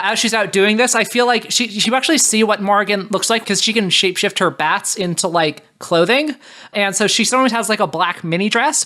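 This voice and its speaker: A woman on a comedy podcast panel, pitching her case chattily with lots of "like" fillers and giggles. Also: a bit bright.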